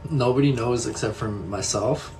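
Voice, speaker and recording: A man's voice: mid-range voice, moderate pace, a little mellow, slight background noise. A young man chatting casually with viewers, answering their comments one by one, echoing his own answers and laughing often. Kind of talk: casual live chat.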